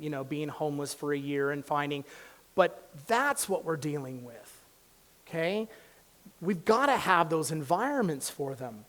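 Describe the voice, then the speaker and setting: Impassioned male professor lecturing. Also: a little high. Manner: emphatic, swings from loud exhortation to hushed storytelling. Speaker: college professor giving a presentation. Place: campus lecture hall.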